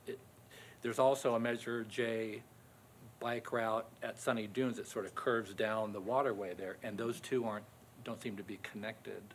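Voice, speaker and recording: A man on a city commission asking a long question at a public meeting, slowly and carefully, searching for words. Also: on the low side, slight background noise.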